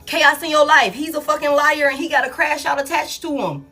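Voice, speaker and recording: A woman giving a live tarot reading, blunt and profane, hammering her points home with repeated flat refusals. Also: high voice, a little fast. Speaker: tarot reader. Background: faint background music.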